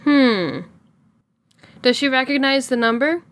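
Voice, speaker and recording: A woman's voice: high-pitched, animated, measured pace. A woman playing in a tabletop game, speaking casually in brief turns. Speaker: player.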